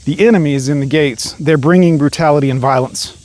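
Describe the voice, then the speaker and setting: A man with a fairly high voice launches into an angry monologue, swearing freely and hammering every point with emphasis. It sounds like a one-man rant recorded for his own channel. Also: fast, a little mellow. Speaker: vlogger. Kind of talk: ranting monologue.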